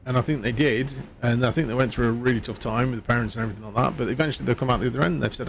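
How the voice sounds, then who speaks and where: A man's voice: mid-range voice, very fast, gravelly, hardly any pauses, slight background noise. A man streaming a video game live, chatting casually in a rambling way and laughing at himself. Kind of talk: casual live-stream chat while gaming.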